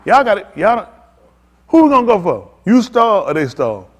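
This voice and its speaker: A man's voice: sits high, sing-song, normal speed, big-room sound. A man preaching a sermon as pastor, fervent and repetitive in casual vernacular speech.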